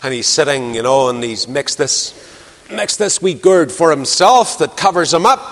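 A male preacher delivering a sermon with a lively, swooping pitch. He presses rhetorical questions, swinging from loud to hushed, while long reverb trails his words through the hall. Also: moderate pace.

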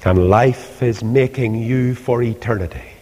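A man preaches with passion, dropping from loud pleading to hushed asides. He speaks slowly and deliberately. His voice rings with the long reverb of a big hall. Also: medium pitch. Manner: impassioned, swings between loud pleas and hushed asides. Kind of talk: sermon.

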